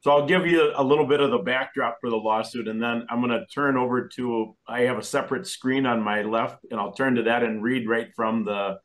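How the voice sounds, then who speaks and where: A man on a video call as a talk show guest, speaking in a measured, methodical way, listing dates and facts. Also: mid-range voice, steady tone, rough recording. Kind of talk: interview recounting a lawsuit.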